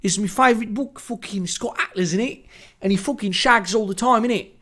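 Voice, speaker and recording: A man's voice: high-pitched, a little fast, fairly bright tone. A man voicing a crude, boastful young lad, swearing and slangy. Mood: smug.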